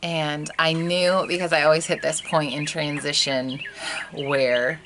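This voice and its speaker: A woman's voice: deep voice, steady tone, a little slow, vocal fry, background noise. A woman in her thirties candidly telling the emotional story of a birth, casual and full of fillers. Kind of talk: personal storytelling.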